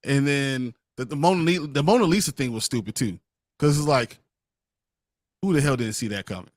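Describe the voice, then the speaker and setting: A man co-hosting a casual live movie review show, talking in an exasperated, animated way. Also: medium pitch, moderate pace, no room sound. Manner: animated, exasperated, swears and laughs often. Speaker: podcast co-host.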